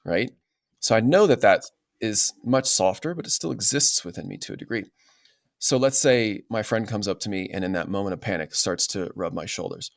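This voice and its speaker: A man's voice: lowish voice, expressive, moderate pace, vocal fry, no echo, studio quality. A man as a podcast guest, talking in an earnest, explanatory way and often checking in with "right?". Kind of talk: casual interview talk.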